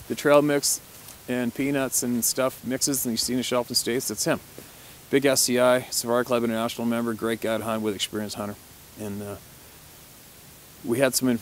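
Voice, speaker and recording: A man, a hunting guide, telling a story in a relaxed, chatty way, laughing often and swearing mildly. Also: lowish voice, a little hiss or hum. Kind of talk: casual storytelling to camera.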